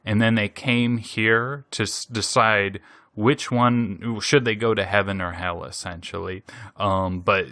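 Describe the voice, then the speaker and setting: A man hosting a podcast, casually recapping an anime episode in an animated way, laughing often and using many fillers. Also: fairly low pitch, unhurried, no room sound, studio quality. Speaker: podcast host.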